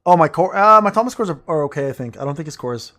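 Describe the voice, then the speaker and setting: A man talks through a game on a livestream, teasing his chat with crude jokes and rambling asides. His voice sits high and swings widely up and down, full of playful bounce. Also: lively intonation, fast talker, a bit bright. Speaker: gaming streamer reading chat. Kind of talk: casual livestream chatter while playing.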